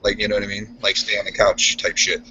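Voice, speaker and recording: A man's voice: on the low side, flat delivery, quick pace, sharp tone, a little hiss or hum. Brief: foul-mouthed working man, rambling anecdotes, casual, muffled lo-fi sound. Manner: profane, rambling storyteller. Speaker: guest, steel mill worker. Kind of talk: casual chat. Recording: dull lo-fi podcast audio.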